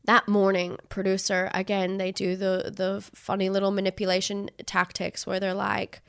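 A woman's voice: medium pitch, completely flat delivery, moderate pace, creaky, fairly bright tone, clean tone. A young woman from Australia, a podcast guest, telling her story candidly and emotionally, swearing freely and acting out what others said. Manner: emotional, swears freely, acts out quoted voices.

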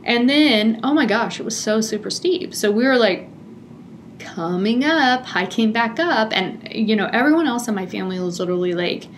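A woman's voice: a little high, moderate pace, a little hiss or hum. Chatty woman telling a story. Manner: chatty and animated, laughs often, acts out family voices. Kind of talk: casual storytelling.

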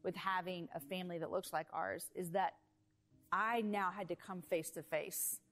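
A woman guest speaks candidly and reflectively in a sit-down interview. Her voice sits a little low for a woman. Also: steady tone, moderate pace, a bit bright. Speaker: guest, adoptive mother. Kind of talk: conversational interview.

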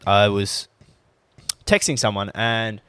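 A man's voice: fairly low pitch, slow, a bit bright, smooth, no room sound. A young Australian man co-hosting a podcast in casual chat, rambling and acting out texts in voices. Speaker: podcast co-host.

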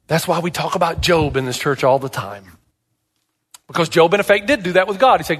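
A man's voice: high-pitched, lively intonation, fairly quick, long pauses, slightly rough, in a large hall. A male pastor preaching a sermon, telling stories with animation and asking emphatic rhetorical questions.

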